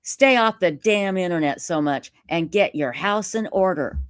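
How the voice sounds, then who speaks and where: A woman live streamer telling a story in casual interview chat, animated and self-mocking, laughing often. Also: lowish voice, normal speed, clear, resonant tone, dry recording, studio quality. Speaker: YouTube live streamer reading a letter.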